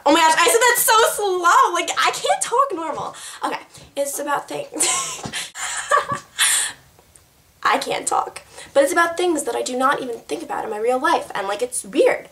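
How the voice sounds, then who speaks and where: A woman's voice: high voice, lively intonation, a little fast, pushed and bright. A young woman chatting to camera in a rambling, giggly way, answering tag questions. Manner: bubbly, rambling, giggly, lots of "like". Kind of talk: casual chat to camera.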